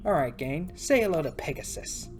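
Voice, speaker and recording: A woman's voice: deep voice, animated, moderate pace, darkish tone, faint music behind. A woman voicing a cold, hostile young female duelist who talks in a scornful, cutting way.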